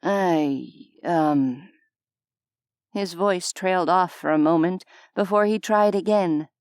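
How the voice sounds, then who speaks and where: A woman narrating a scripted audiobook in an unhurried, even storytelling manner on a close studio mic. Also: fairly low pitch, clean tone, no echo.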